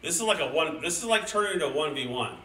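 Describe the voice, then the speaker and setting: Crude guy streamer reading a kids book to chat, swears constantly, bright voice, echoey room, keeps drifting off the mic. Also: fairly high pitch, expressive, quick pace, distant mic, slight background noise. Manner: crude, rambling, swears a lot, mixes gamer slang into the story. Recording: roomy echo, speaker drifting from mic.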